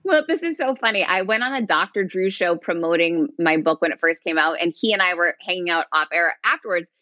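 A middle-aged woman, an author and podcast guest, telling stories in an animated way and acting out what others said. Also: fairly low pitch, a little fast, no echo. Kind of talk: conversational storytelling. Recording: dull lo-fi dry sound.

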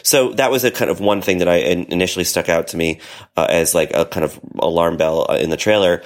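Speaking fast in a low register, this podcast co-host keeps things chatty and relaxed, laughing readily and leaning heavily on filler words.

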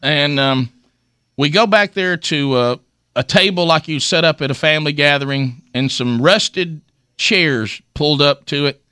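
A middle-aged man spins a comic story with a bright, lively voice, laughing as he goes. He slips into the voices of the people he quotes. The sound is close and dry. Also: a little high, a little slow, clean tone, dry recording. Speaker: storyteller guest. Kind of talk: comic storytelling in casual chat.

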